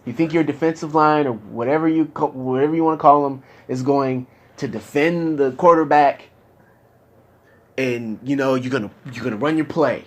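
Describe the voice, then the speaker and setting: A man's voice: medium pitch, normal speed. A young man talking candidly with his therapist, frustrated and profane, his voice climbing into anger as he vents. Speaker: patient in therapy.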